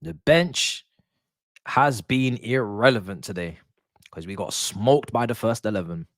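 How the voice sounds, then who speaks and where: A man's voice: on the low side, measured pace, no echo. A young man reacting live to a football match, exasperated and swearing. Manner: exasperated, swearing, muttering to himself. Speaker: football watch-along host.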